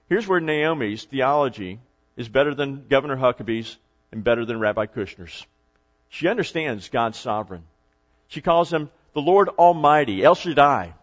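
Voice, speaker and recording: A man's voice: mid-range voice, animated, normal speed. A man preaching a sermon, retelling and explaining a story in a conversational way. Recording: dull lo-fi recording.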